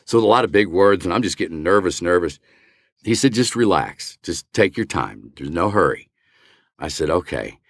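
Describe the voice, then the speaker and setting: An older man with a fairly low voice tells a story as an interview guest. He acts out the lines he quotes. The recording is dry and close. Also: moderate pace, no echo. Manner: animated, acts out quoted dialogue. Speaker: voice actor guest.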